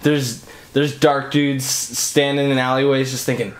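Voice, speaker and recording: A man's voice: medium pitch, flat delivery, unhurried. A young man hosting a podcast, firing off teasing, provocative questions in casual chat. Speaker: podcast host. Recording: echoey room with clear background noise.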